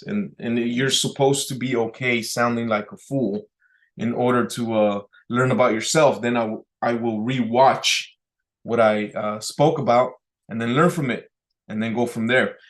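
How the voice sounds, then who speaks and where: A man of middle pitch hosts a casual talking-head vlog. He rambles and halts with many fillers and restarts, often clears his throat, and now and then leans hard on single words. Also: fairly even intonation, measured pace. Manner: pushes emphasis into words on purpose as speaking practice. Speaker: vlog host.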